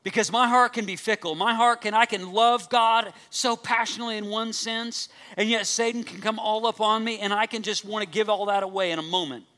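Male pastor mid-sermon; bright, ringing tone; emphatic, repeats lines for weight. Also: high-pitched, fairly even intonation, fairly quick, few pauses. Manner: preaching with earnest emphasis, repeating key phrases; asks the congregation direct questions.

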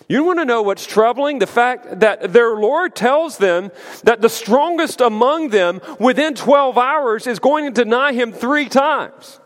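Animated male preacher in echoing hall. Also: high-pitched, moderate pace. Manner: animated, emphatic preaching with conversational asides. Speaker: pastor. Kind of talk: sermon. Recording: long hall reverb.

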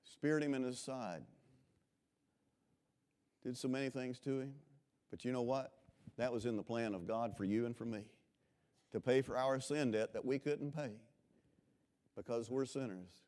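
A man from Florida preaching a revival sermon, swinging between loud impassioned calls and quiet personal storytelling. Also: mid-range voice, measured pace, long pauses. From Florida, USA.

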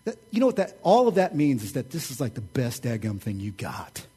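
A middle-aged man preaching a sermon, telling stories in a casual, joking and animated way. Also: medium pitch, fairly quick, husky. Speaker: pastor.

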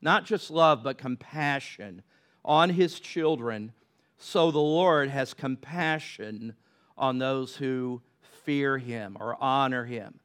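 A man's voice: mid-range voice, slow pace, fairly bright tone, clean tone. A man preaching a sermon, conversational and rising into impassioned pleas. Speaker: pastor.

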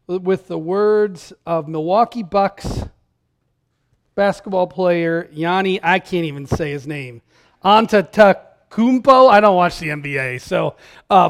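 A man, a pastor, giving a sermon in a conversational style, talking straight to the congregation and swinging from loud emphatic calls to hushed, tender lines. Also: high-pitched. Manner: conversational, direct address to congregation.

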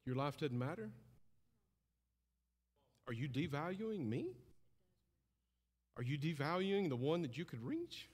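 A man preaching a sermon with impassioned delivery, rising high and loud, then dropping low and hushed. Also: big pitch swings, a little slow, long pauses, slightly rough. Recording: long hall reverb.

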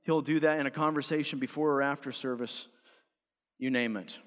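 A man's voice: medium pitch, fairly even intonation, brisk. A man preaching a sermon as pastor, driving his points home with firm stresses. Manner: emphatic, rising to forceful stresses. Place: church sanctuary. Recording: church hall with long reverb.

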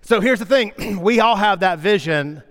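Guy preaching in a big echoey church, higher voice, smooth and clear. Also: moderate pace. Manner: animated storytelling, acting out scenes. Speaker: pastor. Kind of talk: sermon. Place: church sanctuary. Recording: long reverb of a large hall.

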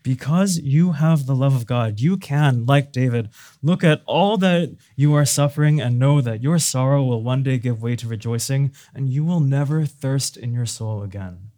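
A man's voice: medium pitch, normal speed, warm tone. A man preaching a sermon in an earnest way, now and then rising to fervent emphasis.

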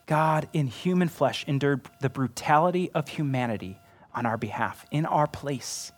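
A man preaching a sermon as pastor, earnest and conversational, often turning to the listeners with a quick "right?". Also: fairly high pitch.

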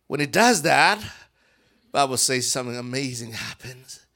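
Animated African preacher, gravelly voice. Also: male voice, medium pitch, normal speed. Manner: dramatic storytelling, acts out voices, swings from whisper to shout. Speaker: guest preacher. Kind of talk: animated sermon.

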